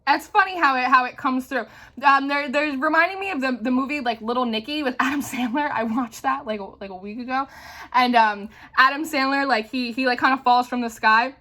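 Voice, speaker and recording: A young woman talks through a tarot reading in a loose, rambling way, tossing in "like" and "right?" constantly. Her voice sits a touch high and rings bright and sharp. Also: brisk. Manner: chatty, many "like" fillers and "right?" tags. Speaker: tarot reader. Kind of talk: casual spoken tarot reading.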